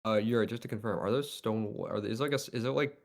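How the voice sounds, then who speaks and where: A man's voice: on the low side, quick pace. A man playing a tabletop game, loosely narrating his character's actions in a casual way. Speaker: player.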